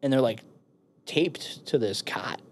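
Veteran man as podcast guest, middle-pitched voice, profane and animated storyteller. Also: takes it slowly. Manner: profane, animated, laughs between phrases. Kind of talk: casual storytelling.

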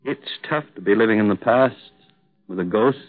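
A man's voice: lowish voice, moderate pace, no room sound, soft background music, natural voice. Kindly middle-aged boss played by a man, hesitant and sympathetic, dry tinny 1950s radio sound. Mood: concerned. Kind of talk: 1950s radio drama acting. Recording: tinny old radio broadcast.

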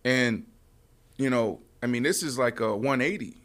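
A man hosting a casual sports podcast, talking in an animated, emphatic way and often restarting his sentences. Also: medium pitch, normal speed. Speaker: podcast host.

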